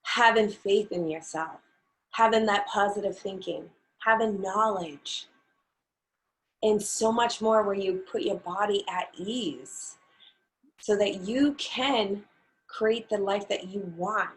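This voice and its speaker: A woman hosting an interview, speaking earnestly and deliberately. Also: medium pitch, a little hiss or hum, low-quality recording. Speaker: host. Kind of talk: conversational interview.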